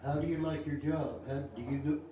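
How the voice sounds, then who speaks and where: A man's voice: fairly high pitch, fairly even intonation, brisk, dark tone, lo-fi sound. A man speaking in a casual group discussion in a folksy, encouraging way. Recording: echoey room, far from the mic, noisy.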